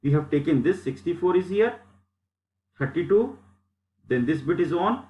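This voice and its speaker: A man gives a slide lecture in a fairly high voice. He works through each step patiently and repeats the rules as he goes. The recording carries a clear echo from the room. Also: expressive, normal speed, warm tone. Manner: step-by-step explaining, repeats phrases.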